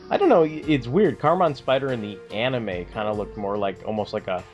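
A man's voice: on the low side, a little fast, a little mellow, muffled recording, faint music behind. A man co-hosting a podcast, chatting casually in a rambling way with lots of fillers and swearing. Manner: rambling, filler-heavy, profane. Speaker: podcast co-host. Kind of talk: casual chat.

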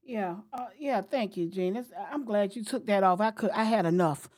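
A woman's voice: mid-range voice, normal speed, darkish tone, no echo, studio quality. A woman hosting a podcast, talking bluntly and heatedly, with frequent profanity. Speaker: podcast host. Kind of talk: casual podcast chat.

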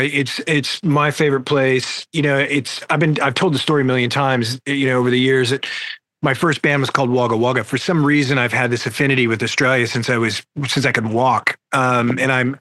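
A man's voice: mid-range voice, a bit bright, dry recording. Male rock vocalist, 50s, easygoing candid storyteller, dry video-call sound. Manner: laid-back, candid storyteller. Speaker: rock singer, guest. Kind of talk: casual interview over video call.

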